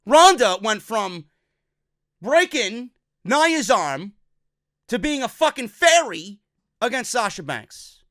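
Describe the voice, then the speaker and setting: A man's voice: very high voice, very animated, takes it slowly, long pauses, bright, forceful tone, no room sound, clean studio sound. A man ranting bluntly in a profane wrestling review vlog, exasperated and swearing often.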